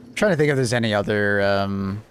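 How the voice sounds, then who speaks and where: A man's voice: on the low side, brisk, fairly bright tone, a little hiss or hum. A man streaming a video game and chatting casually with a friend, loose and joking, swearing freely. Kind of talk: casual gaming chat.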